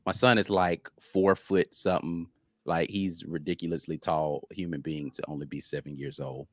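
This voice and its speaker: A man in his thirties co-hosting a casual sports chat show, animated and telling stories with acted-out quotes. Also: low voice, moderate pace, dry recording, studio quality. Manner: animated storyteller, acts out calming quotes. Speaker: co-host.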